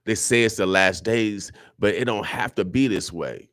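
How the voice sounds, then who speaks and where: A radio show host gives an emotional, preachy monologue in the studio, repeating himself a lot in impassioned talk radio fashion. He has a lowish, fairly bright voice and a moderate pace, and the studio-quality audio has no echo.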